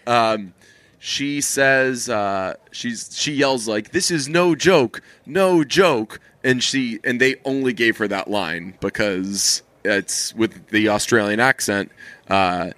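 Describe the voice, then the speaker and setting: A man's voice: fairly low pitch, slow, smooth, no echo. Rambling, swearing young man podcaster. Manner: rambling, swears freely, deadpan teasing. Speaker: podcast co-host. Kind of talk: casual chat.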